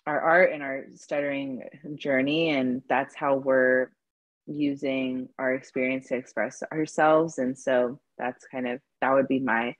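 A woman's voice: very deep voice, level tone, measured pace, dry recording. A woman who stutters, speaking as an advocate on an online panel, with repeated words and restarts.

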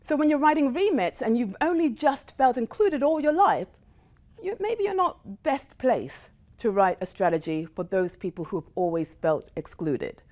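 Woman, middle-aged, grew up in the United States, motivational talk, animated storyteller, varied pitch. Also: normal speed. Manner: animated storyteller, shifting into quoted voices. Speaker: guest speaker. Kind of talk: motivational talk to a live audience.

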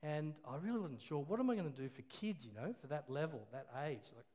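A man's voice: fairly high pitch, big pitch swings, a little fast, a little mellow. A man preaching a sermon, telling a story with laughs and call-and-response.

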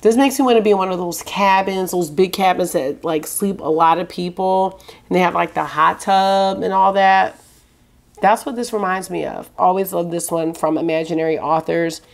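A woman's voice: fairly low pitch, normal speed, gravelly. A woman vlogger giving a casual, enthusiastic fragrance review, chatting and listing scent notes. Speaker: beauty vlogger.

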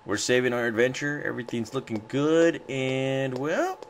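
A man's voice: medium pitch, expressive, normal speed. Hyped man narrating his game. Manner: hyped, boastful, repeats catchphrases. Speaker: game commentator. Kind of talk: let's play commentary. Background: game music.

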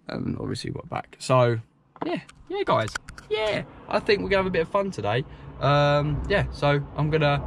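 A young man chatting casually to camera while driving and then outdoors, excitable and swearing freely. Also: mid-range voice, vocal fry. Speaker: vlogger. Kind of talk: casual driving vlog chat. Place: in a car, then outdoors by a reservoir. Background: car and road noise.

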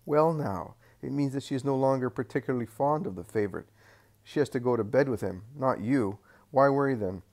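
A teasing, thoroughly ironic disciple, as a male reader puts him on. He speaks in a middle-pitched male voice with dry, needling remarks in a read-aloud story. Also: a little fast, darkish tone, lightly acted. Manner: superlatively ironical.

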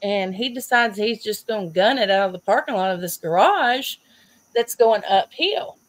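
A woman with a Southern US accent, hosting a stream and telling stories in a casual, animated way, laughing often. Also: medium pitch, normal speed. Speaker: host. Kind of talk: casual storytelling chat.

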